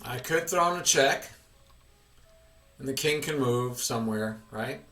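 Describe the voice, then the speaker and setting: A man's voice: mid-range voice, measured pace, pushed and bright, faint music behind. A man teaching a chess lesson, patiently quizzing his student with questions, recorded with room echo from a distance.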